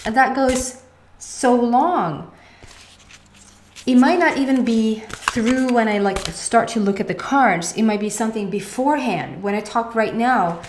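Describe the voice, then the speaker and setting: A woman tarot card reader talking casually to her viewers in a rambling, chatty way, full of restarts and asides. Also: mid-range voice. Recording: echoey room with noticeable background noise.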